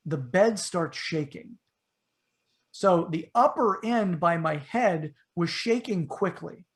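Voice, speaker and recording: A middle-aged man telling a story in a casual podcast chat, his voice jumping up and getting loud whenever he quotes himself. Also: high-pitched. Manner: animated storyteller, voice rises sharply when quoting himself. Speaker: podcast co-host.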